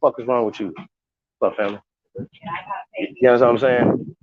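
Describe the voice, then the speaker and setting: A man's voice: mid-range voice, fairly even intonation, moderate pace, slight background noise. A man hosting a casual livestream, talking to viewers in a heated, profane, rambling way with many restarts. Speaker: livestream host. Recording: dull lo-fi sound.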